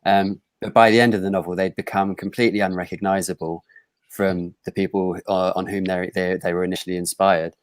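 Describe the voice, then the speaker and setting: Very deep-voiced hesitant man. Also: level tone, brisk, no room sound. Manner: hesitant, lots of ums and restarts. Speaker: guest writer. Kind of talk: casual video-call chat.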